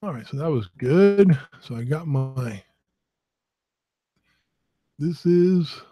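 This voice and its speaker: Setting up a live stream, this middle-aged podcast host rambles and swears, half talking to himself. He speaks slowly in a fairly high, animated, warm voice. There's no room sound at all.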